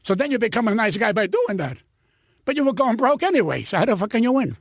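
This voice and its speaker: A man's voice: high-pitched, quick pace, dry recording, clean studio sound. An older man, a comedian guest, telling long profane anecdotes and acting out every quoted voice. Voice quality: gravelly, husky. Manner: profane, animated storyteller who acts out every quote. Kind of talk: storytelling anecdotes.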